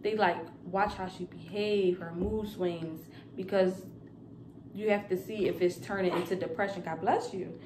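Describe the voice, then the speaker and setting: A woman's voice: lowish voice, fairly even intonation, measured pace, roomy sound, noisy background. A young woman vlogging casually to camera about new motherhood, rambling with lots of fillers. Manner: chatty and rambling, with many fillers.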